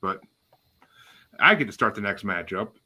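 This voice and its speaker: A man's voice: lowish voice, expressive, moderate pace, sharp tone, slightly rough. A man hosting a casual podcast, reading out bracket matchups with swearing and dry asides. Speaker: podcast host.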